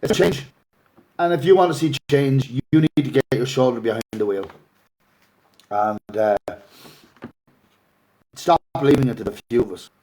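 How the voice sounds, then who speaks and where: A man's voice: mid-range voice, moderate pace, long pauses, warm tone. A middle-aged Irish man, a father and activist, making an earnest, emotional appeal on a livestream. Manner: earnest, pleading, gets emotional. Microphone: phone or laptop livestream.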